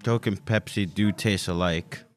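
A man's voice: deep voice, steady tone, a little slow. A man co-hosting a morning show, bantering and giggling with his friends. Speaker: co-host. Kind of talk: casual chat.

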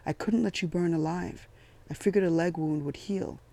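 A man reading the part of a weary, blunt army captain who speaks calmly and quietly. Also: a little high, normal speed, gravelly. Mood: steady. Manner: calm, quiet and matter-of-fact.

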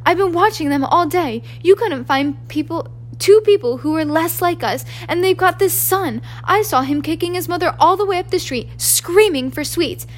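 A woman's voice: sits high, moderate pace, lightly acted. A woman reading an audiobook, voicing a stern older female witch professor with a tense, trembling, emphatic manner. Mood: indignant.

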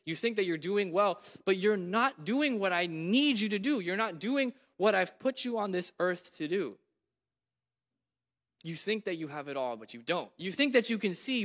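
A man preaching a sermon in a church, lively and dramatic, acting out what God says. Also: sits high, big-room sound. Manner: animated, voices God in dramatic quotes.

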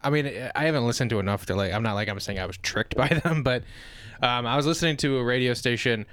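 A man's voice: mid-range voice, quick pace, a bit bright, smooth, no room sound. Young male podcast host, loose rambling storyteller, dry close sound. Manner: rambling, filler-heavy storytelling. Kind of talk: casual chat.

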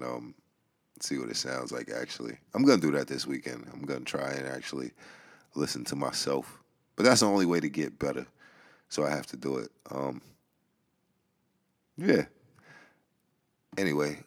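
A young man with a New York accent, hosting a casual podcast monologue in loose, profane storytelling style. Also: a bass voice. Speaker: podcast host. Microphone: headphones and home mic.

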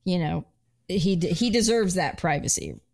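A woman's voice: on the low side, expressive, normal speed, gravelly, a little mellow. A woman co-hosting a podcast, chatting casually about a film and adding her own points. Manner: short agreeing replies, adds her own points. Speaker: podcast co-host. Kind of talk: casual movie chat.

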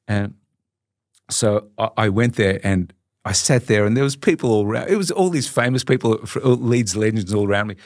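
A man in middle age chats as a podcast guest, rattling through anecdotes. His pitch swings widely whenever he mimics someone else. The sound is close and dry, with no room around it. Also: moderate pace, no echo. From Australia. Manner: animated anecdotes, acts out quotes with big pitch jumps. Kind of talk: casual storytelling chat.

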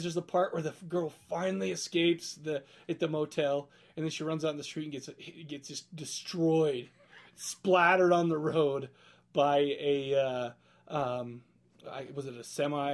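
Rambling, halting male podcast host. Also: on the high side, fairly even intonation. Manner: rambling, halting, laughs often. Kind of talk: casual chat.

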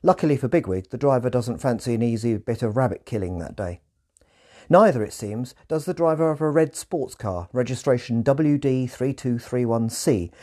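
A man hosting a podcast, reading a scripted analysis in a measured, articulate way. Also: medium pitch, warm tone. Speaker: podcast host. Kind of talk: scripted book analysis narration.

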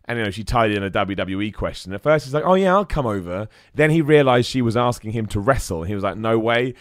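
A man's voice: on the low side, no room sound, studio quality. A young man hosting a live wrestling podcast, chatting loosely and reading out viewer messages. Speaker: podcast host.

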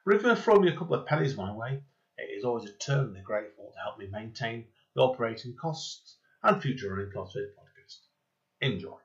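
A man's voice: mid-range voice, animated, fast talker, dull audio. A man hosting a podcast interview over a video call, chatty and rambling, laughing often and interrupting himself. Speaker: podcast host. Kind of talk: casual interview chat.

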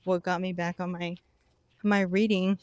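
A woman's voice: on the low side, flat delivery, unhurried, no echo. A young woman co-hosting a podcast, rambling with many "like" fillers and breaking into giggles. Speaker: podcast co-host. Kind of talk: casual chat.

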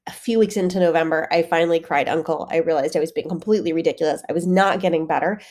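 Female fitness coach hosting her podcast, congested and a bit nasal, relaxed and candid. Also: low voice, quick pace. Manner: candid, conversational, with frequent fillers. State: congested, head-cold voice. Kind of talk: solo podcast monologue.

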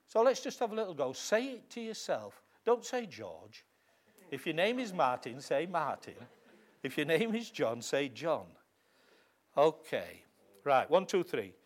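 A man's voice: mid-range voice, sing-song, measured pace. A man with a Northern English accent preaching a sermon in a church hall, emphatic and calling for amens. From England. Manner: emphatic, call-and-response.

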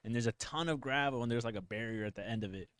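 Halting young man, casual chat. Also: mid-range voice, a bit bright, dry recording. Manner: halting, searching for words.

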